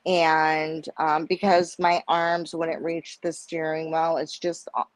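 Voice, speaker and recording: On a dry recording, a middle-aged woman speaks slowly in a low voice. She's a guest on a panel discussion, narrating her own experience and bringing it to life by acting out what everyone said.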